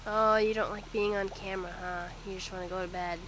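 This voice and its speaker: A woman's voice: mid-range voice, fairly even intonation, fairly quick, a bit bright. A woman filming her cat at home on a handheld camera, talking to it in teasing baby talk. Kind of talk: home video narration. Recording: noisy home video.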